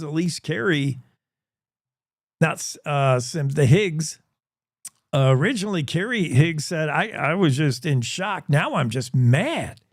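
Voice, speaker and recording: Male radio host, unhurried and slightly high, jokey and rambling, dry close sound. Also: darkish tone, no room sound. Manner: joking, rambling retelling with self-corrections. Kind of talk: casual chat.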